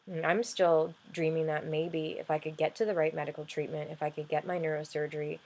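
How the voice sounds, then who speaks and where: Low-voiced woman venting in a vlog. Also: level tone, darkish tone, poor audio. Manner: earnest, halting, with many restarts and fillers. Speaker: vlogger and music artist. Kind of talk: emotional personal vlog.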